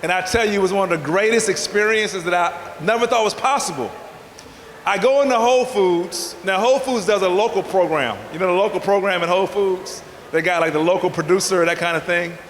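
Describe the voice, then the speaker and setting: A man from the American South, a vegan chef giving an energetic motivational talk at a festival, preacher-like, calling out to the crowd for responses. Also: sits high, a little fast, a little hiss or hum. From Southern United States. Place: large indoor festival hall. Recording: echoey hall with a long reverb tail.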